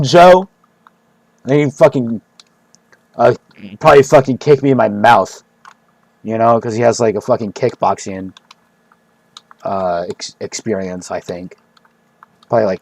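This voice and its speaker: A man's voice: on the low side, steady tone, moderate pace, long pauses, darkish tone. A man streaming and chatting casually, rambling and joking, repeating himself, swearing and breaking into laughs. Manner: profane.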